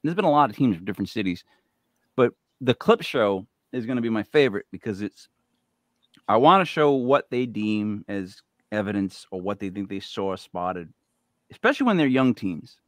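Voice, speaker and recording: A man's voice: fairly low pitch, big pitch swings, normal speed, no echo, clean studio sound. A man from New England hosting a casual interview, rambling and chatty with many fillers and restarts. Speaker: show host.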